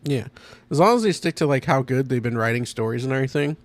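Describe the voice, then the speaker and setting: A man's voice: mid-range voice, fast talker. Enthusiastic man in a casual podcast chat. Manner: enthusiastic, laughs often, rambling. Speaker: podcast host.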